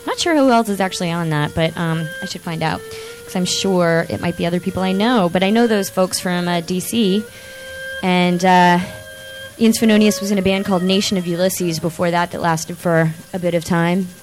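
A woman's voice: on the low side, normal speed, faint music behind. Chatty rambling woman host. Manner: chatty, rambling, lots of fillers; excitable, animated outbursts. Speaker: podcast host. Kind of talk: casual chat.

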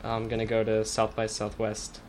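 A man's voice: on the low side, completely flat delivery, normal speed. Young male musician, loose rambling interview talk, faint hiss behind. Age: young adult. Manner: rambling, full of fillers and restarts. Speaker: band guitarist and songwriter. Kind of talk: casual interview chat. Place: radio studio.

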